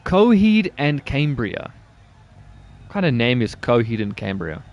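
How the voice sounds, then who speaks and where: A man's voice: medium pitch, sing-song, measured pace, darkish tone, lo-fi sound. Rambling jokey man playing a racing game. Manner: rambling, jokey, crude humor. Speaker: gaming streamer. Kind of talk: casual gameplay commentary.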